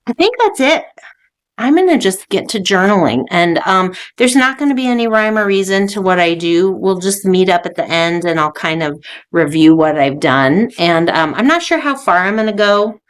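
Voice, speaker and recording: A woman's voice: mid-range voice, expressive, moderate pace, smooth. A woman craft vlogger talking through her supplies in easygoing, casual chat full of "um" fillers. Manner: chatty, easygoing, many "um" fillers. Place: home craft studio.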